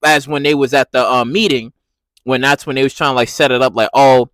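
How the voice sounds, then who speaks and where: A man giving a casual, animated recap of a TV episode, laughing and repeating himself as he reacts. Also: medium pitch, fast, dry recording. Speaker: TV recap vlogger.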